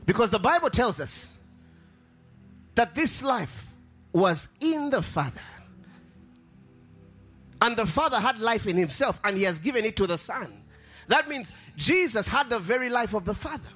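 Man preaching, high bright voice, sing-song cadence, faint music underneath. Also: expressive, measured pace, long pauses, slightly rough. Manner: impassioned, sing-song cadence, repeats phrases. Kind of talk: sermon.

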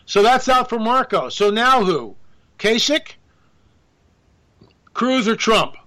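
Male political commentator, high and bright voice, sarcastic and animated, riffing solo. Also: slow pace. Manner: animated, sarcastic, joking asides. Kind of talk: casual political monologue.

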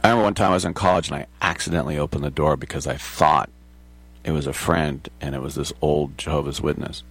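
A man's voice: a bass voice, fairly even intonation, fast, fairly bright tone, slightly rough. A man hosting a talk show in a casual, digressive monologue, chuckling at his own asides.

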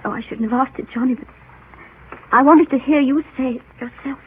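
A tender, anxious young woman in love, played by a woman in a vintage radio play, her voice pitched fairly high. She speaks softly and earnestly. The sound is tinny and lo-fi, with faint hiss. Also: a little fast, lightly acted. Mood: pleading. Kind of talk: 1930s radio drama acting. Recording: narrow phone-like old radio broadcast with faint hiss.

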